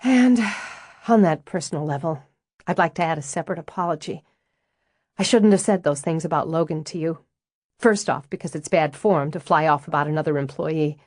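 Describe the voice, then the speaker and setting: In an audiobook, a woman voices a tense young widow, cautious and apologetic with each word. Her voice is low and darkish, delivered at a moderate pace, and the recording sounds dry and close.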